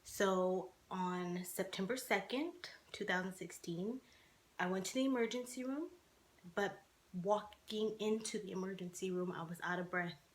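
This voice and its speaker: A woman's voice: medium pitch, a little slow. A woman in her twenties telling her own life story to the camera, speaking candidly with many fillers and restarts. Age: 20s.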